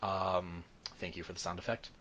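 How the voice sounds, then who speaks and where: A man's voice: low-pitched, little pitch movement, normal speed, dull audio, background noise. A man narrating a tabletop game as game master, rambling with fillers and self-corrections.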